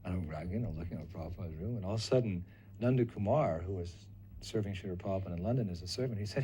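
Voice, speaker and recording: Older man, storytelling, animated, low pitch, warm mellow tone. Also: rapid-fire, breathy edge. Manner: animated, acts out other people's lines. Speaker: devotee recalling memories. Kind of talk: personal storytelling.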